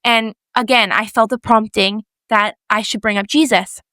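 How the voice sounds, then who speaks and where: Lively young woman telling a story. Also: on the high side, moderate pace, no room sound. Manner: animated storyteller, acts out quoted voices, lots of "like". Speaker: podcast co-host. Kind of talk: casual faith podcast chat.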